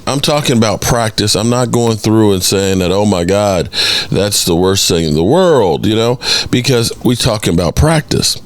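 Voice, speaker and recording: A man hosting a sports podcast, giving opinionated, exasperated commentary and pushing back at critics. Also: mid-range voice. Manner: animated, exasperated, mocks critics in exaggerated voices.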